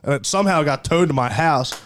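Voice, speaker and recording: A man's voice: a little high, quick pace, a bit bright. A young man co-hosting a podcast, telling a rambling story in loose slang with heavy swearing. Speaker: podcast co-host. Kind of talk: casual storytelling chat.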